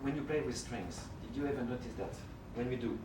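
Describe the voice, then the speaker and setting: A man's voice: medium pitch, brisk, background noise. A man coaching a flute student in a masterclass, encouraging and singing out rhythms. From France. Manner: encouraging, sings and tongues rhythms aloud. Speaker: flute teacher giving a masterclass. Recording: roomy, from far off, music behind.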